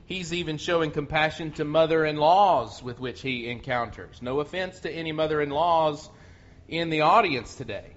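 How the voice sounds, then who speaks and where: Male pastor, fairly high voice, slow deliberate sermon delivery, muffled lo-fi audio. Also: a bit bright. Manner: slow, earnest preaching with repeated restarts. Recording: muffled lo-fi sound.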